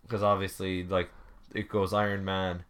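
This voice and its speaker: A man's voice: low voice, flat delivery, normal speed, fairly bright tone, smooth. A man co-hosting a podcast in casual chat, irreverent and joking, swearing freely. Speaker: podcast co-host.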